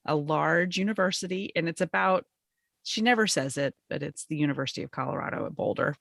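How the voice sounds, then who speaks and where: A woman's voice: low-pitched, quick pace, gravelly, a bit bright, no echo. Chatty middle-aged woman, dry sound. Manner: chatty and enthusiastic, frequent laughs. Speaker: podcast co-host. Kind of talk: casual chat.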